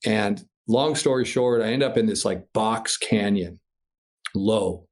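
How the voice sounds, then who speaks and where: A man from Minnesota, a podcast guest, telling a story in a casual, animated way, swearing freely and laughing through the tense parts. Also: fairly low pitch, a little slow. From Minnesota, USA. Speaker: podcast guest, paraglider pilot.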